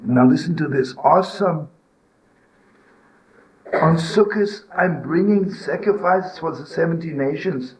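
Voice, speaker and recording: An older man giving an informal religious teaching, telling stories and asking "right?" and "you know?" to his listeners, rising to loud scolding when he acts out a harsh inner voice. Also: fairly high pitch, unhurried, long pauses, rough recording. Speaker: rabbi and storyteller.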